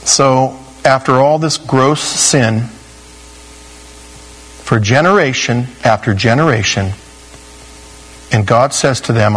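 A man's voice: medium pitch, lively intonation, unhurried, long pauses, breathy edge, rough recording. A male pastor preaching an expository sermon in a conversational, emphatic way, often saying "you know". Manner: conversational and emphatic, with frequent 'you know'.

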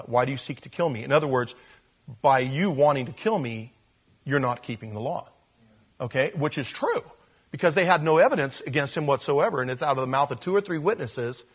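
A man's voice: a little high, slightly rough. A man preaching a conversational sermon, acting out bits of dialogue as he explains scripture. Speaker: pastor.

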